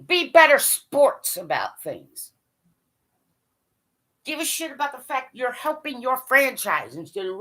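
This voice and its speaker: A woman vlogger gives a scolding rant to camera, blunt and full of profanity. Her voice is high-pitched and bright, with a forceful edge. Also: big pitch swings, measured pace. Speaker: hockey fan vlogger. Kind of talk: ranting monologue to camera.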